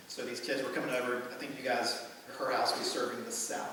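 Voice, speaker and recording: A man's voice: medium pitch, a bit bright, slight background noise. Man preaching in an echoey church hall. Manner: conversational storytelling, asides and filler words. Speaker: pastor. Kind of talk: sermon. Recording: roomy hall reverb from a distant mic.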